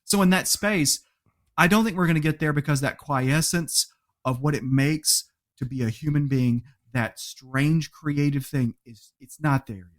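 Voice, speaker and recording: A man with a fairly high speaking voice talks as a podcast guest. He tells stories with animation, laughs often and acts out little quotes as he goes. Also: moderate pace. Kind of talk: casual interview chat.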